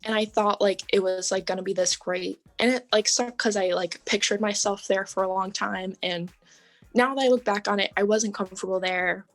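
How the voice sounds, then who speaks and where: A woman's voice: mid-range voice, steady tone, moderate pace. Chatty young woman telling her story. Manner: chatty, lots of "like" and "um", laughs often. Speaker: podcast guest, hairstylist. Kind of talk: casual conversational storytelling.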